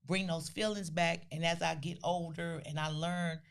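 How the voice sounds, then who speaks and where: Casting: older woman, gravelly, lowish voice, animated storyteller on a podcast. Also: normal speed. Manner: animated storyteller who acts out quotes. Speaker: podcast co-host. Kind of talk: casual storytelling conversation.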